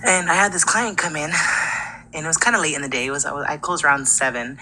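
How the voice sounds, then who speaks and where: A low-pitched woman in her twenties from California tells a ghost story on a live call, chatty and acting out the voices. Her tone is bright and forward. A faint hiss sits under the line. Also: fast, low-quality recording. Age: 20s. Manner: chatty, acts out quoted dialogue. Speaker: caller telling a ghost story. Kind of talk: casual storytelling.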